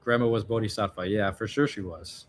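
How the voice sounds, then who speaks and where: A man's voice: lowish voice, steady tone, fairly quick, a little hiss or hum. Rambling, reflective man telling stories. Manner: rambling, reflective, many fillers and restarts. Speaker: vlogger answering viewer questions. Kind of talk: casual storytelling monologue.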